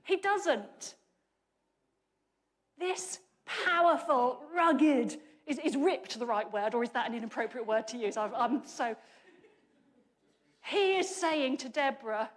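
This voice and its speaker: A woman preacher giving a chatty, humorous sermon, often correcting herself mid-sentence as she goes. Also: sits high. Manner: lively, chatty and humorous, with quick self-corrections.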